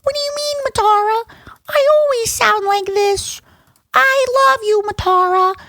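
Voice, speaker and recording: A very high, squeaky voice of a clingy woman co-host, as a woman puts her on, drawn out and sing-song. She pleads sweetly and slowly. The sound is dry and close. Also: sharp tone, no echo, heavily acted. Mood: sappy, pleading.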